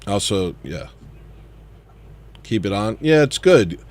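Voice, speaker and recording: Low-voiced rambling man on a livestream. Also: big pitch swings, slow pace, darkish tone, slight background noise. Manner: rambling, trails off and restarts thoughts. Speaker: livestream host and musician. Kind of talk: casual livestream chat.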